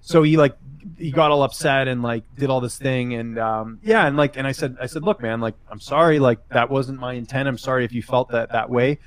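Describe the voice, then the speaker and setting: In a mid-range voice with no echo, a fight-sport journalist speaks a little fast as a guest on a podcast. His casual chat drifts through rambling stories full of filler words, mixed with advice.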